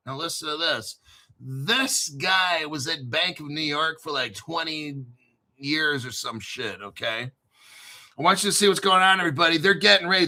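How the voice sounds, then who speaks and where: A middle-aged man with a New Jersey accent, hosting a casual crypto talk show in an excitable, profane, rambling way. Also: a little high, normal speed. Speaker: crypto channel host. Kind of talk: casual livestream chat.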